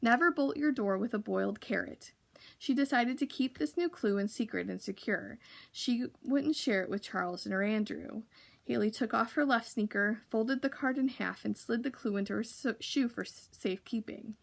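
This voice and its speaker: A woman reads a children's novel aloud for a library, in a steady, even manner with now and then a slip and restart. Her voice has a light gravelly fry. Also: on the high side, moderate pace. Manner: steady, occasional slips and restarts. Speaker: library reader.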